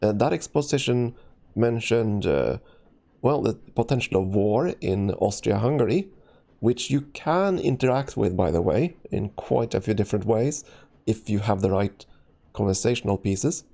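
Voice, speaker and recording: A man's voice: on the low side, expressive, moderate pace, gravelly, mellow. A man streaming a let's play, chatting casually and reading a story game's text aloud with frequent ums, restarts and chuckles.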